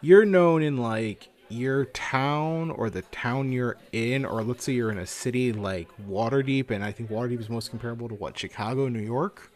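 A man's voice: mid-range voice, moderate pace, few pauses. Man explaining things in loose, sweary chat. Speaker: podcast co-host. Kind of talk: casual chat about tabletop games.

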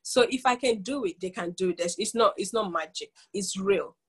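A woman coach talks as an interview guest in an earnest, motivational tone. Her voice has a husky, slightly breathy edge at a middle pitch. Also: moderate pace. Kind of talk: casual interview chat.

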